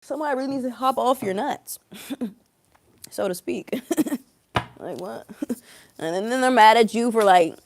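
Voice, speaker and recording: A woman's voice: a little high, a little slow, pauses often, noisy background. A woman doing a live-streamed tarot reading, sarcastic and blunt, swearing freely and laughing often. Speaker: tarot reader.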